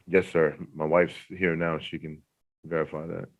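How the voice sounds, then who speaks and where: A man in his fifties, a parole applicant answering questions at a hearing, polite and halting. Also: very deep voice, level tone. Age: 50s. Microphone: remote audio link from a prison. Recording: tinny phone-like remote line.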